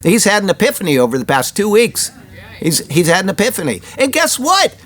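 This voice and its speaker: Male commentary host with a high voice, opinionated and prone to asides. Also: expressive, fast talker. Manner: opinionated, with rambling personal asides. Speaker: host of a weekly prophecy news report. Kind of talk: chatty news commentary.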